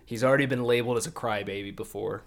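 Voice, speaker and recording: Young male podcast co-host, casual and jokey, with loud bursts of emphasis and a mid-range voice. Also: medium pitch, fairly even intonation, fast talker. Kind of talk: casual chat recapping an anime episode.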